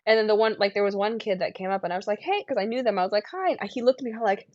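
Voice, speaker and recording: A woman's voice: mid-range voice, racing, no echo, lo-fi sound. A woman in her thirties telling rambling stories in casual chat, acting out what people said. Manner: rambling storyteller, acts out quotes in lively voices.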